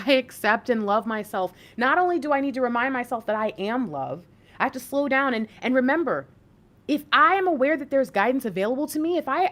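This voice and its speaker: A woman giving a casual spiritual card reading, chatty and encouraging, often laughing as she talks. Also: high voice. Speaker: intuitive reader.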